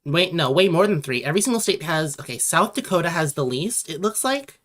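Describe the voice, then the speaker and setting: A woman's voice: on the low side, animated, fairly quick, fairly bright tone. A young woman from Connecticut chatting casually on a late-night drawing livestream, rambling and answering viewers as she reads their messages aloud. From Connecticut, USA.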